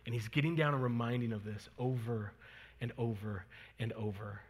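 Speaking at a moderate pace with a breathy edge, a thirtysomething male pastor holds a fairly even intonation at medium pitch. He earnestly and conversationally preaches and leads prayer, full of fillers and restarts, amid the long reverb of a church sanctuary.

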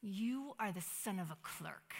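A woman voicing a haughty young man who is betraying his friend, in a cold, slow, soft manner. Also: medium pitch, expressive, creaky. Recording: long hall reverb.

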